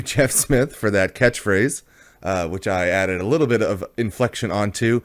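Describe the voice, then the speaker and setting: A man with a very low voice talks casually through a comics review he hosts. He rambles in a friendly, chatty way and pokes fun at himself along the way. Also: moderate pace. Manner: chatty, rambling, self-deprecating.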